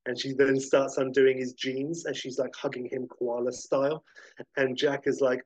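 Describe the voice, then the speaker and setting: Rambling man pitching a movie. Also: flat delivery, normal speed, a little mellow, no room sound, poor audio. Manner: rambling, with many fillers. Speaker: podcast film pitcher. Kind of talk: casual storytelling pitch.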